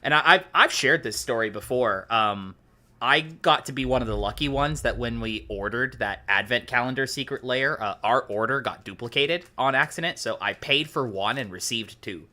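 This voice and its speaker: A man's voice: medium pitch, moderate pace, pushed and bright. A man in his late twenties chatting over a voice call during a card game, friendly and talkative. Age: 20s. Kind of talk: casual chat over voice call.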